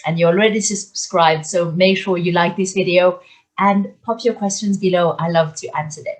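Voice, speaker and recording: A woman teaching French phrases in a video lesson, speaking clearly and deliberately and repeating each phrase slowly for pronunciation. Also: on the low side, steady tone.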